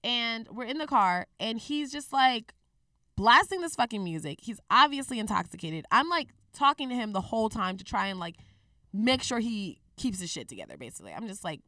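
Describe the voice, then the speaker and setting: A young woman in her twenties telling a personal story in a candid, profane, animated way on a casual talk show. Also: a little high, fairly quick, dry recording, studio quality, distant mic.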